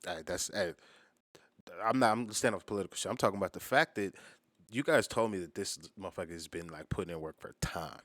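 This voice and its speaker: A man's voice: low-pitched, quick pace, faint music behind. An American man hosting a reaction video, talking casually and profanely about rap verses. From United States. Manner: animated, profane, chatty.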